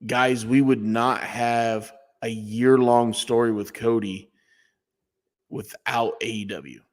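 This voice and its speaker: A man's voice: medium pitch, steady tone, slow pace. Man, podcast co-host, blunt, casual chat, long echoey reverb. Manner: blunt, swears freely.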